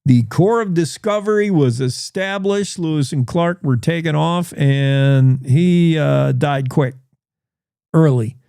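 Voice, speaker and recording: A man's voice: a little high, creaky, dark tone, smooth, no echo, studio quality. A male radio host reading the news and history notes in a casual, rambling way, stopping to comment on what he reads. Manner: slow, rambling, self-interrupting reads with asides.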